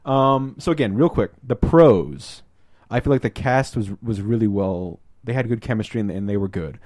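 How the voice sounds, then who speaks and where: A man with a somewhat low voice chatting casually on a podcast. He rambles through a story, slipping into quick put-on voices for the quotes. The sound is dry and close. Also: a little mellow, dry recording. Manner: rambling retelling, acts out quotes in shifting voices. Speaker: podcast host. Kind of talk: casual chat.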